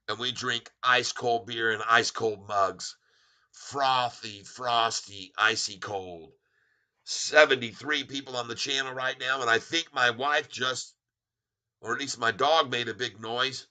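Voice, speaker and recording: A middle-aged man hosting a live stock market stream, calling out share counts and prices in an excited, rapid patter. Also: mid-range voice, clear, resonant tone. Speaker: stock market livestream host. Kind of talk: live stock-ticker commentary.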